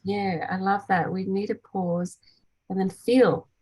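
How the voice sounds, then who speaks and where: A woman in her thirties, an energy healer, hosts a casual group call, chatty and full of fillers and restarts, and brightly acts out quoted voices. Her medium-pitched voice is steady, unhurried, and slightly rough, in a dry, low-quality recording.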